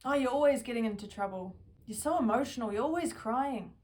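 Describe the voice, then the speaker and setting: Woman acting as a curt, impatient parent snapping at the kids, louder than her own talk. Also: on the high side, brisk, recorded from a distance, lightly acted. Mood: scolding. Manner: sharp, telling off.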